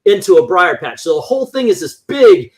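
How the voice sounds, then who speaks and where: A man's voice: high-pitched, big pitch swings, a little fast. A man talking in a casual livestream chat, ranting animatedly and acting out voices as he tells a story. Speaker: livestream co-host.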